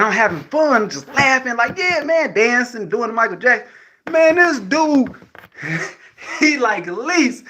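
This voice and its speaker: High, bright-voiced man telling a story. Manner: animated, swearing, slang-heavy, frequent "you know what I'm saying". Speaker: vlogger addressing viewers. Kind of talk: casual storytelling monologue.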